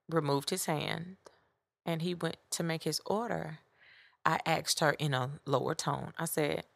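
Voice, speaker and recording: Low gravelly woman podcaster telling a story, blunt and lively, dry close sound. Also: no room sound. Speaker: podcast host. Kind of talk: casual storytelling monologue.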